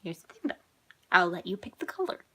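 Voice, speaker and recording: A woman's voice: on the low side, very animated, a little fast, bright, forceful tone, slightly rough, rough recording. A woman casually reading her own horror story aloud, giggling and breaking off to comment on it.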